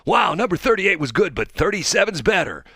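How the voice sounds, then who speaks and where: Bright sing-song countdown DJ, male, chirpy, as a radio host mimics him. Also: sits high, big pitch swings, fairly quick, slightly rough, no echo, clean studio sound, pitched above the performer's own voice, heavily acted. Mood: breezy.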